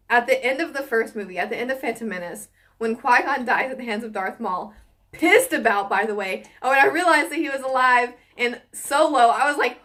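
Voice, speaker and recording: Young woman vlogger, slightly high voice, gushing and excitable, casual fan chat to camera. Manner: gushing and excitable, lots of fillers. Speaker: YouTuber reacting to a film series.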